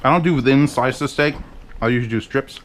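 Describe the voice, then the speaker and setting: A man's voice: mid-range voice, a little fast. Casual, rambling man cooking at home. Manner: rambling, profane, self-mocking asides. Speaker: cooking vlogger. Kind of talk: casual cooking vlog chat. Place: home kitchen.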